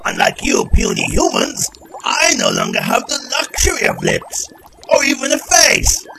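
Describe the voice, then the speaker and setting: A man voicing a tormented bodiless alien brain in a comedy audio sketch, giving slow booming outbursts of anguish. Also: huge pitch swings, full character voice. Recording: clear music behind.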